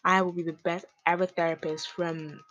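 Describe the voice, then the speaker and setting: Podcast host, woman, lower register, loose slangy self-mocking rambling. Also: flat delivery, moderate pace, fairly bright tone, muffled recording. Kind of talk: casual rambling monologue.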